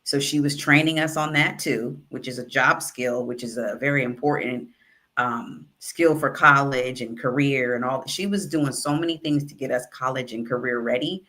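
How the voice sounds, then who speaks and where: A woman who works as a writing consultant and author coach, telling a story in a casual, animated way and acting out the dialogue. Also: extremely low pitch, normal speed. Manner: animated, acts out quoted dialogue.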